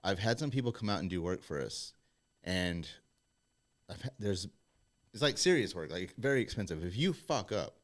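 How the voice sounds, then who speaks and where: A man's voice: deep voice, big pitch swings, normal speed. A man who hires workers, speaking bluntly and emphatically in casual podcast chat. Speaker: employer.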